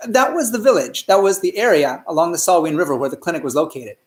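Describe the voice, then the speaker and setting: Animated male storyteller in an echoey room. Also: fairly high pitch, fast. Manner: animated, asks the listeners questions. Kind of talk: children's story narration.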